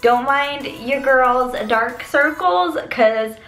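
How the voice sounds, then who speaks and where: Young American woman, beauty vlogger, high and bright, giggly casual chat. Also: slow. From United States. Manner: bubbly, chatty, giggly. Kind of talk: casual product review vlog.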